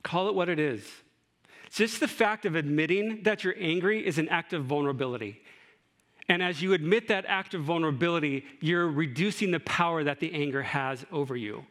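A man's voice: on the high side, a little fast, fairly bright tone. Man preaching a casual sermon. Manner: conversational, with asides and rhetorical questions. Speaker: pastor.

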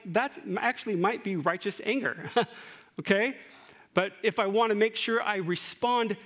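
A man's voice: high voice, fairly bright tone. A middle-aged man preaching a sermon in a conversational way, with asides and rhetorical questions. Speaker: pastor.

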